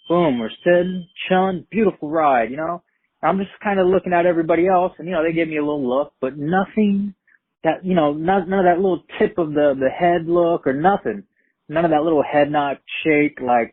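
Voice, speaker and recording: A man spins a profane, streetwise tale with animated energy. His voice sits a bit high and comes out husky. It sounds dry and tinny, like a phone line. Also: moderate pace, no room sound. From Brooklyn, New York. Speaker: storyteller. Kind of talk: casual spoken storytelling.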